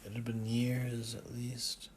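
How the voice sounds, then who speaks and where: A man reading a first-person science fiction audiobook in a measured, dry storytelling manner. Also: medium pitch, monotone, a little mellow, a little hiss or hum. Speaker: audiobook narrator. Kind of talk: first-person scripted narration.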